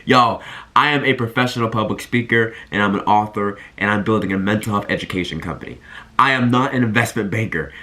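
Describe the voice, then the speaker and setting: A man in his twenties talking to camera, giving earnest and animated college advice and telling stories straight to his viewers. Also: lowish voice, fairly quick. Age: 20s. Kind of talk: energetic talk to camera.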